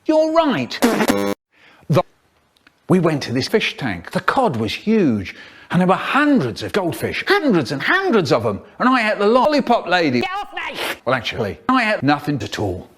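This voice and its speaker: A man telling comic stories in a playful, animated way, full of sudden vocal swings. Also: a little high, normal speed, husky. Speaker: storyteller. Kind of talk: spliced comic storytelling clips.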